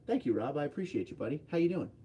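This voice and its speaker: A man's voice: on the high side, very animated, very fast, warm tone, husky. A man hosting a casual livestream, reading viewer comments aloud and answering them offhandedly. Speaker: livestream host.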